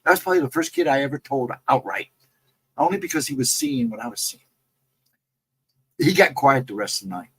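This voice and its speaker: A man's voice: medium pitch, sing-song, brisk, pauses often, slightly rough, low-quality recording. A man casually recounting his own ghost encounters in a rambling, self-correcting way. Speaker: guest storyteller.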